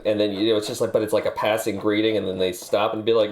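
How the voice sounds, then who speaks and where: Casual streamer guy, very low gravelly voice, crude joker, faint hiss behind. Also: flat delivery, very fast, hardly any pauses, a little mellow. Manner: crude joking banter. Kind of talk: casual chat while working.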